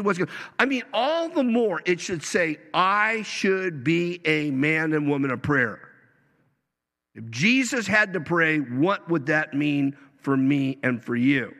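A man preaching a sermon as pastor, with emphatic swings in pitch and pace. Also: bright, forceful tone. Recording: preached in a hall with long reverb.

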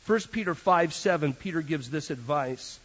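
A man preaching a sermon as pastor, an animated storyteller with joking asides. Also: fairly high pitch, normal speed, breathy edge. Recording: dull lo-fi sermon recording.

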